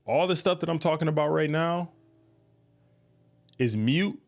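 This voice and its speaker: A man's voice: on the high side, measured pace, gravelly. Blunt man giving dating advice. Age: adult, past his youth. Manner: emphatic, repetitive, blunt and frank. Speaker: podcast host. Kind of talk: direct-to-listener advice monologue.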